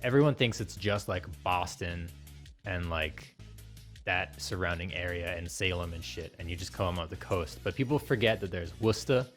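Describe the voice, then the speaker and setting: A man's voice: low-pitched, moderate pace, a bit bright, faint music behind. A man from Massachusetts co-hosting a casual podcast, teasing and playful, swearing freely in banter. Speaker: podcast co-host. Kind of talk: casual chat.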